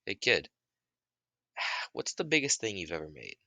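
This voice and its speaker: A man's voice: low voice, huge pitch swings, measured pace, gravelly, bright, forceful tone, dry recording, heavily acted. A man voicing a blunt young male ninja mentor who talks in a casual, offhand way.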